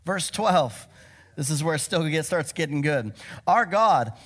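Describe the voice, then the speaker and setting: A man's voice: on the high side, expressive, a little slow. A middle-aged male pastor preaching a sermon, with emphatic declarations and laughs in between.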